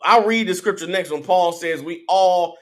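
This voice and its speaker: A man's voice: sits high, normal speed, fairly bright tone. A man giving an emphatic, blunt street sermon full of slang. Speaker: religious teacher.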